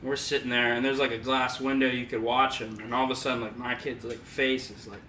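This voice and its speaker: A man's voice: medium pitch, flat delivery, quick pace, pushed and bright. A young man, co-host of a casual podcast, telling a long embarrassing story and laughing often. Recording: echoey room, far mic, background noise.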